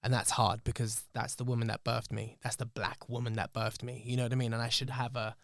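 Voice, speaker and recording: Guy on a podcast, emotional, reflective, swears a lot, mid pitch, dry close mic. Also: flat delivery, brisk, creaky, a bit bright, dry recording. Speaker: podcast host. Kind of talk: candid podcast storytelling.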